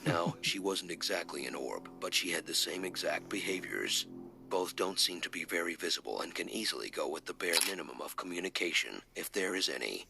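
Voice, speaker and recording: A man's voice: low-pitched, expressive, fairly quick, vocal fry, background noise. A man narrating a video in a dry, sardonic, self-mocking way. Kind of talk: scripted comedic narration.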